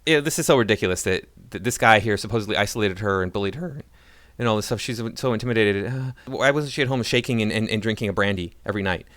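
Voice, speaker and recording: A man's voice: on the low side, fast talker, a bit bright, no room sound. A man ranting in sarcastic, mocking political commentary.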